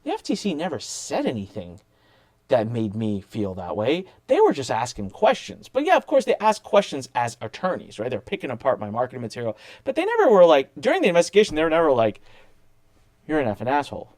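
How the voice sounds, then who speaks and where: Man, business owner guest, casual storytelling, swooping lively pitch, acts out voices, restarts, dry close sound. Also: fast, no echo. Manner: animated, acts out quoted people, many restarts.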